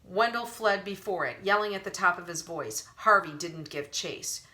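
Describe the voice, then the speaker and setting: A woman's voice: fairly low pitch, normal speed, hardly any pauses, bright, forceful tone. A woman reading a storybook aloud as narrator, telling the story with expression. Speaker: audiobook narrator. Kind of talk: audiobook narration.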